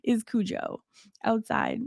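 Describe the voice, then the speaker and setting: A woman's voice: a little high, huge pitch swings, takes it slowly, creaky, dry recording. A woman in her forties, an art teacher hosting a livestream, chatting casually with many fillers and laughs.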